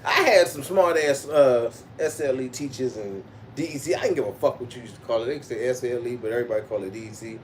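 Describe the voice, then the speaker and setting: A man's voice: medium pitch, fast talker, hardly any pauses. Rambling, cursing man on a livestream. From Baltimore, Maryland. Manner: loud bursts of laughter, swearing, rambling. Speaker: livestream host. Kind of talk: profane storytelling monologue. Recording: distant mic with background noise.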